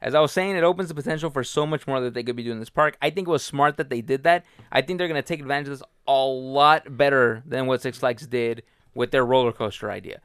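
A man's voice: mid-range voice, fast talker, fairly bright tone, smooth, dry recording, studio quality. A man in a casual podcast chat about theme parks, opinionated, hedging at first and then blunt.

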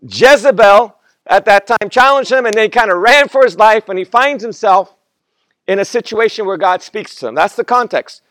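A man's voice: high-pitched, moderate pace, a bit bright, dry recording. A man in his fifties, a guest pastor, preaching a sermon and telling a personal story with acted-out quotes, stumbling and restarting often.

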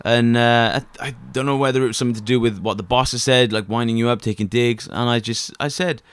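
A man's voice: mid-range voice, steady tone, quick pace, clear, resonant tone, dry recording. A young man co-hosting a casual chat, teasing his friend and ranting bluntly with plenty of swearing. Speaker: podcast co-host.

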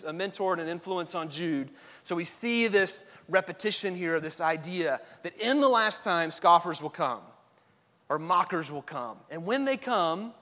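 Male pastor, casual yet emphatic sermon delivery, slightly high voice. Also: fairly bright tone, long reverb tail. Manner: conversational preaching, emphatic repetition.

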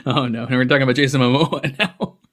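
A man's voice: medium pitch, fairly even intonation, fast, a bit bright. A young adult man chatting casually as a podcast co-host about a movie, rambling with lots of fillers and restarts. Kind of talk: casual movie review chat.

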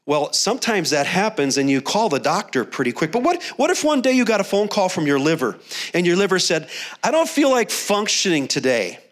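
A man's voice: high-pitched, very animated, brisk. Man preaching a folksy, conversational sermon. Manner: conversational, repeats and restarts phrases, folksy storytelling. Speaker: pastor.

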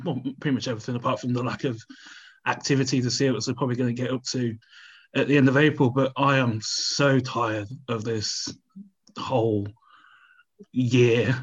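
A man's voice: mid-range voice, fairly even intonation, normal speed. A man co-hosting a sports podcast, rambling casually with many restarts and easy laughter. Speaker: podcast co-host. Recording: slightly dull sound.

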